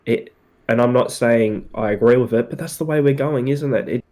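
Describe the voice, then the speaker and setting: Relaxed man with a mellow voice. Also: medium pitch, moderate pace. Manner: relaxed, opinionated, hesitant with fillers. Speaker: podcast co-host. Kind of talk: casual sports chat.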